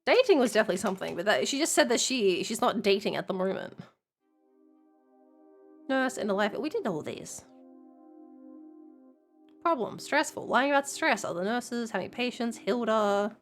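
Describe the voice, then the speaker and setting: A woman streaming a video game live, commenting in an animated, reactive way, with sudden loud exclamations. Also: on the high side, moderate pace, pauses often, soft background music.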